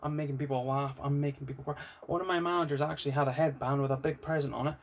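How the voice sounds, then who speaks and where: A man's voice: fairly high pitch, steady tone, racing, a little hiss or hum. A man with a British accent, talking candidly and ramblingly in an unscripted personal vlog, with some swearing. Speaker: vlogger.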